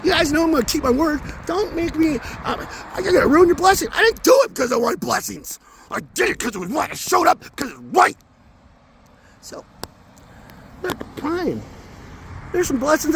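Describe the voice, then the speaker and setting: Gravelly, swearing man rambling outdoors. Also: extremely high pitch. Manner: swearing, intense, swings between mumbling and loud outbursts. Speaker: vlogger. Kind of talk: rambling spiritual monologue. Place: outdoors near traffic, walking. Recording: outdoor phone audio with street noise.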